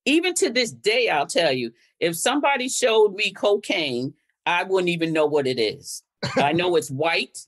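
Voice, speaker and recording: Low-voiced older woman recounting her story. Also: animated, a little slow. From Connecticut, US. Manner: recounting events, re-enacting exchanges in quotes. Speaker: guest, activist. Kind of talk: conversational storytelling.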